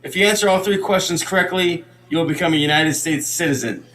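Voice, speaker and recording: A man's voice: fairly high pitch, a little fast, a bit bright, slight background noise, lightly acted. A man putting on the voice of a stern male judge questioning a witness.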